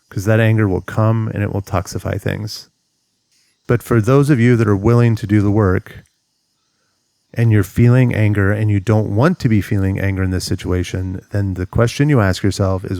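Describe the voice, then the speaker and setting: A man's voice: on the low side, steady tone, normal speed, creaky, a little mellow, dry recording, studio quality. A man giving relationship advice as a coach, talking straight to the viewer and acting out what a person might say to themselves. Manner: earnest, steps through advice, acts out inner monologue. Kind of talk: direct-to-camera advice talk.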